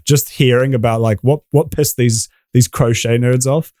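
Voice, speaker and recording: A man's voice: mid-range voice, fairly even intonation, moderate pace, darkish tone, no room sound, clean studio sound. A man with a New Zealand accent, a podcast guest rambling and swearing in casual chat. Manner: sweary, rambling, laughs often.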